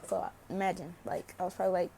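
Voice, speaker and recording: A woman's voice: on the low side, flat delivery, quick pace, vocal fry, mellow, slight background noise. A young woman vlogging to camera, telling a story casually, laughing often and swearing freely.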